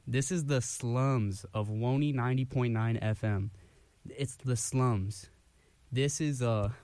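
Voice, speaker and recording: A man's voice: medium pitch, no echo. Breathless young man ranting on radio. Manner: rambling, self-deprecating, animated rants. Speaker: college radio host. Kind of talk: casual radio chat. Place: radio studio. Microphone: studio microphone.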